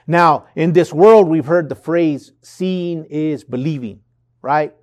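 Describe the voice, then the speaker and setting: A man's voice: fairly high pitch, takes it slowly, darkish tone. A man preaching a sermon in an earnest, conversational way, reading and explaining scripture. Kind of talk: sermon podcast.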